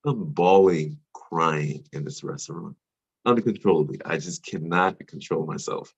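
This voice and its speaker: A man's voice: low-pitched, unhurried, gravelly, slightly rough, muffled recording. A man earnestly telling a reflective, confessional personal story in a spoken storytelling style. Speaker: storyteller at a men's sharing circle.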